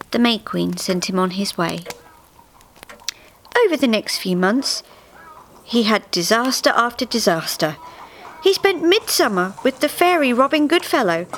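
A woman storyteller reads a festive tale aloud to a live theatre audience, in a voice of ordinary, middling pitch. Her telling is expressive and measured, letting each line land. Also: vocal fry, a little hiss or hum, low-quality recording.

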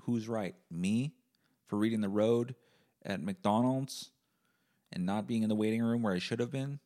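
A male podcast host giving a rambling, profane solo monologue in a deadpan comic way. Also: lowish voice, moderate pace.

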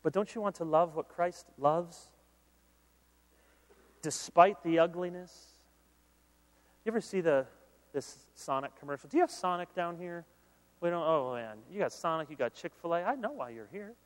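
A man preaching in a large hall, his slightly high voice carrying with a long reverb. He talks in an animated, conversational way, joking with the crowd, then turning earnest. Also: moderate pace, long pauses. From Michigan, USA. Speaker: pastor. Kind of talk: sermon.

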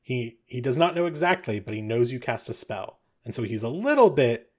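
Man, game master, rambling narration, lots of fillers, mid pitch. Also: sing-song, moderate pace. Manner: loose and rambling, full of fillers.

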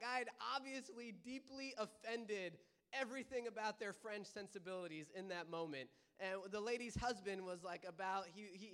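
A young man preaching in a church, his voice high and smooth. He moves from earnest teaching into lively storytelling and laughs easily. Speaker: pastor. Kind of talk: sermon with personal story. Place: church service.

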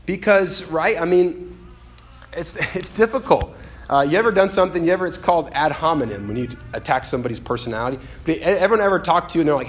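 A man preaching a sermon in an animated, conversational way, often acting out quotes and restarting his phrases. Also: fairly high pitch, fast talker.

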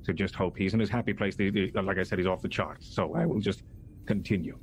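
A man's voice: sits low, fairly even intonation, fast, a little hiss or hum. An actor playing a fussy male doctor who talks in a formal, clinical, hesitant way. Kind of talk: tabletop role-play voice acting.

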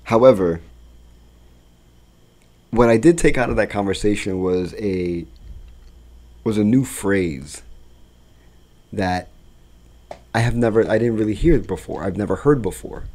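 A man co-hosting a casual chat, telling animated, profane stories about his rideshare passengers and laughing often. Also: fairly low pitch, a little slow, pauses often. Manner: animated, profane storytelling that acts out voices; laughs often while talking. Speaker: podcast co-host recounting rideshare driving.

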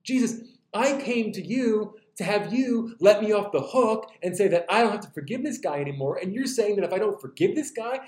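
A man voicing an indignant male apostle who protests that he is being treated unfairly, talking in a rapid, insistent complaint. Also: a little high, very animated. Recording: roomy echo.

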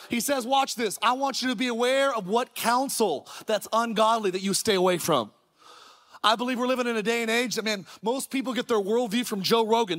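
A man, a pastor, preaching an energetic sermon in a church, with rhetorical questions and shouted lines. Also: very high-pitched. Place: church sanctuary.

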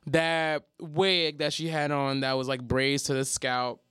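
A man co-hosting a casual podcast, animated and profane, breaking into sing-song quotes as he talks. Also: on the high side, a little slow, clear, resonant tone, dry recording. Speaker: podcast co-host. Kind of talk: casual chat.

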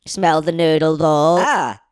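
Bloke putting on a smart door voice, really slow, flat robot-ish. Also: male voice, a little high, smooth. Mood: robotic. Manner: slow, flat, spoken like an automated voice. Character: talking smart door lock.

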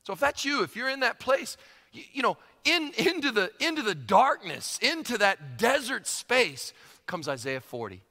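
A man preaching a sermon, emphatic and animated, repeating phrases for emphasis. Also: very high-pitched, normal speed. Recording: long hall reverb.

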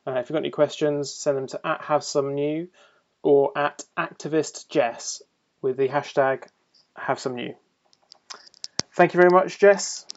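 A woman's voice: low voice, fairly even intonation, a little slow, long pauses, highs cut off. A woman hosting a podcast interview, wry and a little hesitant, with many uhs. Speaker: podcast host.

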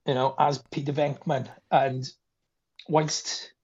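A man's voice: mid-range voice, level tone, takes it slowly, a little mellow, husky. A man, a podcast guest chatting about a film and animatedly acting out its lines. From Wales. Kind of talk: casual film chat. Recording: dull lo-fi sound.

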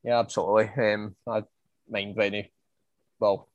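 A man co-hosts a football podcast in a low, flat voice. He answers hesitantly and agrees often, and the recording sounds dry and close. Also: moderate pace, no room sound, lo-fi sound. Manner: hesitant, short agreeing replies. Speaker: podcast co-host. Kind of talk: casual football podcast chat.

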